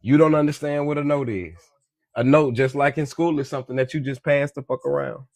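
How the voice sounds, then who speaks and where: A social media commentator delivers a casual, profane, preachy monologue about money, often calling listeners "beloved" and repeating "you dig me." His medium-pitched voice is gravelly and a little mellow, fairly quick, with no room sound.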